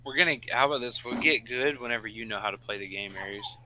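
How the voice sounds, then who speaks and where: A man's voice: mid-range voice, fast, pushed and bright, slight background noise, low-quality recording. A man co-hosting a casual gaming podcast, teasing and cracking jokes. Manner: teasing, wisecracking. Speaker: podcast co-host.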